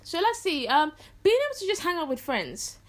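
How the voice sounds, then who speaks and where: A high-voiced teenage girl chats alone as a podcast host. Her pitch leaps around as she jokes and acts out quotes from family. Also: fairly quick. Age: teens. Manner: animated, jokey, acts out quotes. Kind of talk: casual solo chat.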